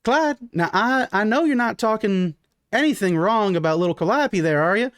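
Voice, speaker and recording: A man voicing a domineering female furbolg mother in a loud, high falsetto. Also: animated, moderate pace, dry recording, studio quality. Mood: scolding.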